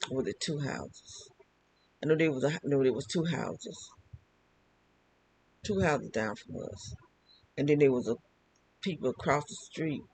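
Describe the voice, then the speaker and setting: An older man in a casual monologue, wandering from thought to thought and circling back to repeat himself. His voice sits a little high for a man, with a faint hiss under it. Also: rough recording. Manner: rambling, repeats phrases, restarts. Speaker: vlogger.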